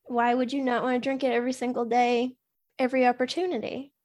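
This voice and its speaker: A woman talking in a relaxed, explanatory way in a casual podcast conversation, with lots of "like". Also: fairly high pitch, fast.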